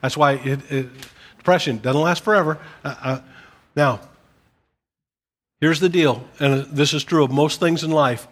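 A man, a pastor, preaching a gentle, conversational sermon with casual asides to his listeners. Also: fairly high pitch, measured pace.

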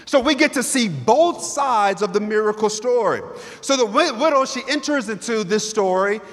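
A man's voice: high voice, a bit bright. A man preaching a sermon in a church, emphatic and repetitive, building with rhetorical questions. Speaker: guest preacher. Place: church sanctuary. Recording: long church reverb.

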